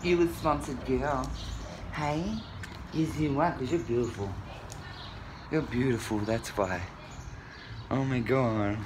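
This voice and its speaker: A woman's voice: rumbling low, slow, pauses often, noisy background. A woman vlogging at an animal shelter, cooing at the dogs in baby talk. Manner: cooing, affectionate. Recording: loud barking in background.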